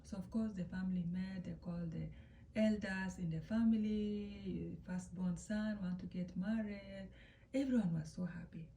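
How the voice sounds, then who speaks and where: A woman chats through a family drama story, acting out the quotes and dropping into whispers for effect. Her voice is gravelly and mellow. She sounds set back from the phone in an echoey room. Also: mid-range voice, normal speed, a little hiss or hum. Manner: chatty, animated, acts out quotes, drops to whispers. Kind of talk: casual storytime narration. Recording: echoey room, distant from mic.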